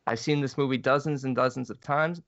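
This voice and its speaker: A man's voice: medium pitch, fairly even intonation, brisk, a bit bright, no echo. Blunt, swearing male podcast co-host. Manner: blunt, swears, laughs often. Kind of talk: casual chat and reading listener email. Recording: dry, slightly dull sound.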